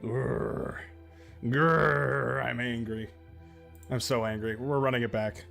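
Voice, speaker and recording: A male streamer talks casually through a live match, picking apart his own play. His voice sits at an ordinary pitch, with faint music playing underneath. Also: level tone, moderate pace, fairly bright tone. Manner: self-critical, grumbling, chatty. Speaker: game streamer.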